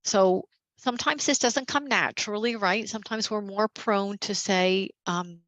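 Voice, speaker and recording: A woman teaching a caregiver support workshop over a video call, gentle and encouraging, with casual fillers. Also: medium pitch, measured pace, no echo, low-quality recording.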